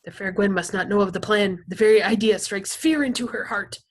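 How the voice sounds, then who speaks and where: A woman's voice: medium pitch, fairly quick, slightly rough, lightly acted. A woman voicing a small, brainy boy who speaks in lofty, theatrical phrases while reading a novel aloud.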